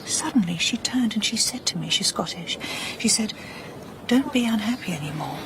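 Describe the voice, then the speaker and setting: An actress playing a grieving wife in a radio drama, speaking in a breathy, earnest, half-whispered way. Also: female voice, mid-range voice, expressive, normal speed, background noise, natural voice. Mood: urgent hushed. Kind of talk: BBC radio drama acting.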